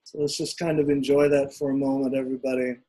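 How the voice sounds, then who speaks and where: A man's voice: mid-range voice, little pitch movement, fast talker, warm tone. A man hosting a conversation, speaking hesitantly with many fillers. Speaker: host. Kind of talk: casual chat.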